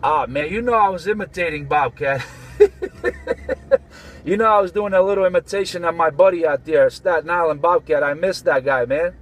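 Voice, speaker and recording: A man's voice: on the high side, moderate pace, rough recording. A man in a vehicle bantering on CB radio, teasing other drivers and repeating his catchphrases. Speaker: trucker on CB radio.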